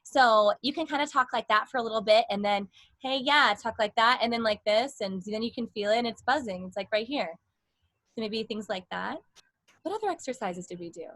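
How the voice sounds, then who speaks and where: A young woman with a high-ish voice speaks briskly in a casual livestream chat, with no room sound. She teaches how to speak healthily, demonstrating bright, forward vocal exercises.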